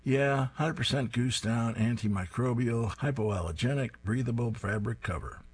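A man's voice: medium pitch, moderate pace, slightly rough, dry recording, pitched above the performer's own voice, natural voice. A man voicing an eager young male soldier, reading his comic-strip lines with a lightly raised, earnest tone.

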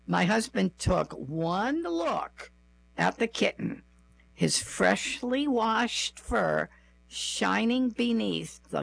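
A woman reads her own memoir at an unhurried pace, dry and self-mocking. Her voice is heavily gravelly and husky. Her pitch moves a lot from line to line. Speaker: storyteller. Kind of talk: first-person memoir reading.

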